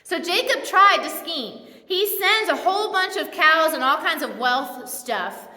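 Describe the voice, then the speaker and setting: A woman's voice: very high-pitched, lively intonation, a little slow, bright, forceful tone. A woman pastor giving a sermon in a church, retelling the story in a casual, humorous way. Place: church sanctuary. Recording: echoey church hall.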